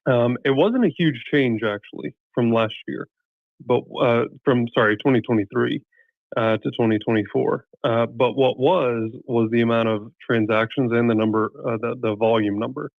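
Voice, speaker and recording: A man's voice: medium pitch, fairly even intonation, moderate pace, creaky, no room sound, phone-quality sound. A man chatting as a podcast guest, loose and rambling with fillers. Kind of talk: casual chat.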